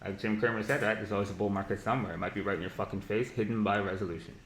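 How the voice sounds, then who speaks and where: A man with a lowish voice gives a live-stream trading lesson, blunt and heavy on profanity. He mocks ideas he thinks are silly and often laughs at them. The sound bounces around an echoey room. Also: steady tone, very fast, slight background noise. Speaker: market analysis streamer.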